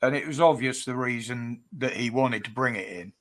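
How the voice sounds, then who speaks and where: A man's voice: medium pitch, moderate pace. Cheeky rambling man hosting. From United Kingdom. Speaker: livestream host. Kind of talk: casual chat.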